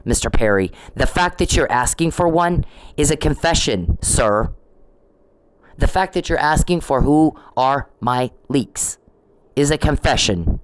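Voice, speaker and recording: A woman's voice: rumbling low, rough recording. A middle-aged woman in a ranting vlog monologue, confrontational and repetitive, scolding someone directly. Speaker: vlogger.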